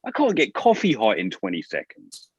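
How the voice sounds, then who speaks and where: Guy chatting on a podcast, pitch all over the place, dry close sound. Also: moderate pace, breathy edge, dry recording. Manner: crude, joking, animated storyteller. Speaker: podcast panelist. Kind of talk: casual chat.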